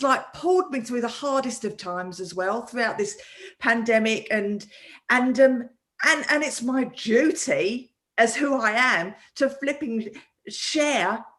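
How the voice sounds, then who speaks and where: A woman hosting a live online talk as a coach, animated and often restarting her sentences over a video call. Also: fairly high pitch. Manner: animated, with many repeated restarts. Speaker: host and coach.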